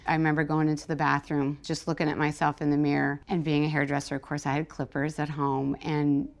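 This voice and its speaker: A middle-aged woman, a podcast guest, telling personal stories in a lively way and acting out the voices of others. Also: deep voice, fairly quick. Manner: lively, animated when quoting others. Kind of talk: storytelling in a podcast interview.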